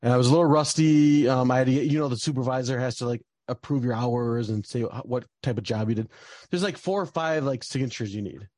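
A man's voice: medium pitch, quick pace, a little mellow, no echo. A young man telling a personal story in casual talk, rambling with lots of fillers and restarts.

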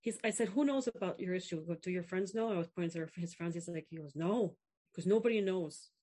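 A woman's voice: lowish voice, a little fast. A young woman talking frankly in a casual interview, telling stories and acting out what others said. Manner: frank, animated storyteller, quotes others in voices. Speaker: app founder and guest. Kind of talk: candid casual interview talk.

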